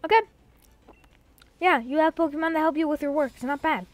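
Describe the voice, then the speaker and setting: Excitable young woman narrating her gameplay. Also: high voice, brisk, no room sound. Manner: excitable, loud outbursts, rambling self-talk. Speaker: gamer. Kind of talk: casual let's-play commentary.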